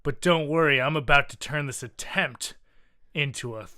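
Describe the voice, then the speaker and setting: A man's voice: on the high side, normal speed, bright, forceful tone, no echo, clean studio sound. A man voicing a smug male villain who gloats theatrically. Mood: gloating.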